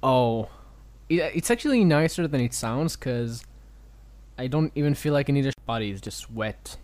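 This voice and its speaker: A man's voice: medium pitch, lively intonation, moderate pace, darkish tone, dry recording. A man co-hosting a crude comedy chat, teasing his partner and joking around. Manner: jokey, teasing, jumps into goofy voices. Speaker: co-host.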